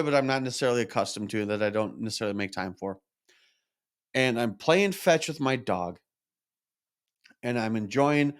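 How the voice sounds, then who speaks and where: A man's voice: mid-range voice, smooth. A man, a podcast host, telling a personal story in a candid, self-reflective monologue, openly frustrated and swearing at times.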